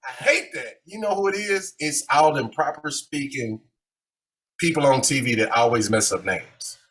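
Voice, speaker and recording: A podcast co-host, ranting animatedly in casual sports chat with big swings in loudness. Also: male voice, medium pitch, moderate pace, slight background noise.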